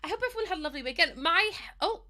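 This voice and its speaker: Bright, high-voiced bubbly woman streamer. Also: lively intonation, racing. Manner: bubbly, chatty, giggly. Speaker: live streamer. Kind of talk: casual live-stream chat.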